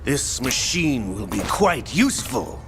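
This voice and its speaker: An actor playing a cunning older mercenary in a video game cutscene, speaking in sneering, theatrical pronouncements. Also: male voice, mid-range voice, big pitch swings, a little slow, fairly bright tone, a little hiss or hum. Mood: scornful. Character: cunning older male mercenary, cold and mocking. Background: game score music.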